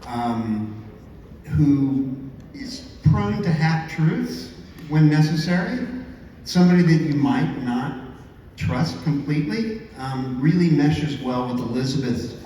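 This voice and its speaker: A man's voice: medium pitch, mellow, slight background noise. Male writer-director on a panel, effusive, heard from a distance in a big echoey hall. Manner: effusive, full of praise. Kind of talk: panel talk. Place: convention panel stage. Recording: echoey convention hall, far mic.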